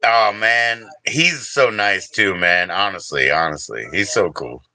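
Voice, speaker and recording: An older man from the Washington DC area hosts a casual livestream, rambling in a laid-back way as he reads out viewers' names and chats with them. His voice is fairly low and sharp, with a measured pace and no echo.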